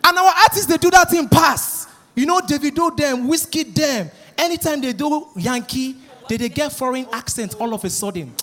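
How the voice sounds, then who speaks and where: A man's voice: very high-pitched, lively intonation, moderate pace, sharp tone. A man with a Nigerian accent doing stand-up, telling stories that mix Pidgin and English. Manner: storytelling, mixing Pidgin and English. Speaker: stand-up comedian. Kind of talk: stand-up routine.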